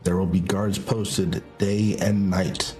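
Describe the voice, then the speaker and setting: A gruff town guard, as the game master plays him, raising his voice to break up a crowd. He speaks in a low, forceful tone with a faint wash of music behind. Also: flat delivery, slow. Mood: commanding.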